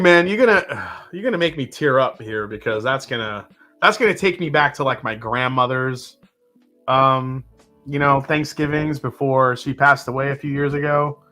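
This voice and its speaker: A man's voice: mid-range voice, a little slow, faint music behind. A man hosting a live whiskey tasting, chatting casually and reading out viewer comments. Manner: relaxed, chatty, with fillers and sips. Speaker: whiskey livestream host.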